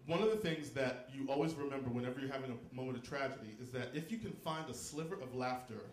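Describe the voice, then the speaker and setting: A man from Texas doing stand-up comedy in a live venue, campy and loud, jumping into shrieking high squeals for punchlines. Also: fast, echoey room.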